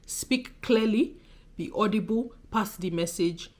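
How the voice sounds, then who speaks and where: A woman's voice: medium pitch, slow, a little mellow. A young woman from Nigeria with a Nigerian accent, talking straight to camera in a vlog, emphatic and exasperated, firing off repeated rhetorical questions. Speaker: vlogger. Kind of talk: direct-to-camera vlog talk.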